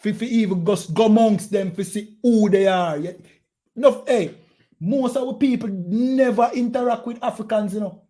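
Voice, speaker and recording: A Jamaican man preaching with fierce, confrontational energy, hammering his points through repetition. His voice sits high for a man, yet the tone stays dark and mellow. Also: normal speed. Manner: forceful, confrontational, repeats phrases. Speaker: street preacher. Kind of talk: heated street preaching.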